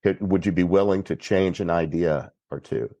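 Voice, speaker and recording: A man from Texas, a priest guest on a podcast, telling a story in an unhurried, plainspoken way. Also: deep voice, warm tone, no room sound, highs cut off. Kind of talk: recounting a story in conversation.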